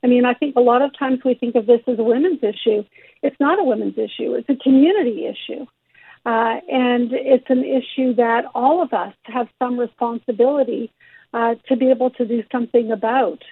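Gravelly woman on a tinny phone line. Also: a little high, a little fast, no echo. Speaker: guest, social services chief executive. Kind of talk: radio phone interview.

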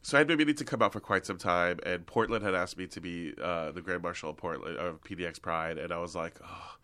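A male actor and comedian chatting as a podcast guest, telling animated stories full of "like". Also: deep voice, quick pace. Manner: animated storyteller, lots of "like". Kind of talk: casual podcast chat.

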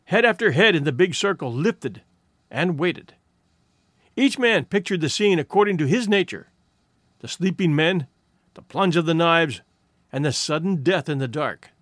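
A man narrating a story in a dramatic, expressive audiobook reading. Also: a little high, normal speed, no room sound, studio quality.

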